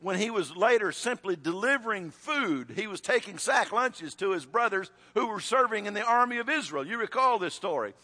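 A man's voice: high voice, animated, normal speed, few pauses, pushed and bright, big-room sound. A male preacher, telling a Bible story in a conversational sermon with frequent restarts.

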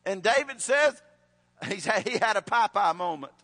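A man's voice: sits high, animated, a little slow, a bit bright, big-room sound. A male preacher, telling a Bible story in a conversational sermon with frequent restarts.

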